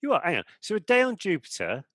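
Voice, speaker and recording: A man's voice: high-pitched, huge pitch swings, fast talker, sharp tone, dry recording, studio quality. A man co-hosting a podcast in casual chat, jokey and bantering. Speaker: podcast co-host.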